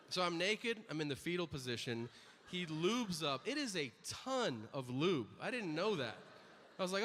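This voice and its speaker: A man's voice: on the high side, very animated, a little slow, a bit bright, big-room sound, slight background noise. A man in his thirties doing a brash stand-up set on a comedy stage, acting out dialogue as he tells his stories. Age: 30s. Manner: brash storytelling, acts out dialogue.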